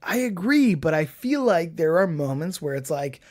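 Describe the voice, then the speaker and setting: A man's voice: on the high side, big pitch swings, moderate pace. A man co-hosting a podcast in casual chat about a film, blunt and opinionated, swearing freely. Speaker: podcast co-host.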